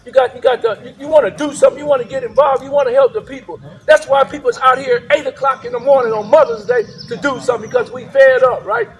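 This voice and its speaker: A man giving a fiery protest speech outdoors at a rally, often shouting and repeatedly asking the crowd "right?". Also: very high voice, steady tone, fast talker, few pauses. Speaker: protest speaker.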